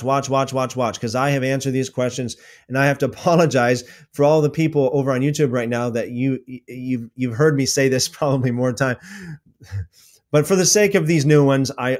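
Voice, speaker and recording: A man giving an animated religious talk, answering viewer questions with emphatic repetition and loud exclamations. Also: medium pitch. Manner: emphatic, repeats words, swings into loud exclamations.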